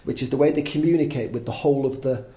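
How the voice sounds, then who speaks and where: A man in his fifties, appearing as a podcast guest, rambles through a casual conversation at a quick pace. His voice is medium-pitched and warm, and he swears freely and pokes fun at himself.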